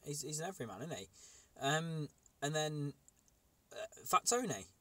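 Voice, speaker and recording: A man's voice: a little high, moderate pace. A man co-hosting a casual podcast, arguing his opinions animatedly and repeating words as he goes. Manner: animated, argues his point with repeated likes. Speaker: podcast co-host. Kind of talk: casual chat, opinionated discussion.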